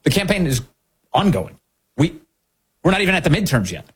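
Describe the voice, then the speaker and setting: A man delivers political commentary with a husky edge and a voice that swings up and down. He is sarcastic and emphatic, and he keeps hammering his points with rhetorical questions. His pitch sits a bit high for a man. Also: very animated, brisk.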